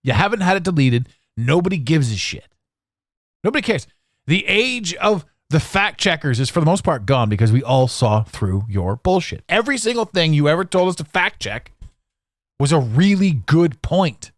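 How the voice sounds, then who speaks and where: A man's voice: a little high, moderate pace, no echo, studio quality. Tired, ranting man in his forties. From Canada. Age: 40s. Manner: animated, ranting, sarcastic. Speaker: podcast host. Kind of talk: rambling solo podcast monologue.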